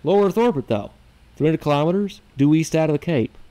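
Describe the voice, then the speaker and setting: A man's voice: fairly high pitch, lively intonation, brisk, warm tone, lightly acted. Guy doing a folksy texas car salesman, thick drawl, calls everyone son. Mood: salesman pitch. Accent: put-on Texas drawl. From Minnesota. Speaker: podcast co-host. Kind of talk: comedic character podcast.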